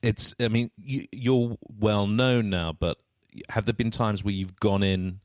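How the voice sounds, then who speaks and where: A man with a fairly low voice hosts a casual conversation, jumping in with eager questions and tripping over repeated words. The sound is close and dry. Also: steady tone, unhurried, darkish tone, dry recording. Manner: enthusiastic, stammering restarts. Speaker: podcast host. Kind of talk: casual interview chat.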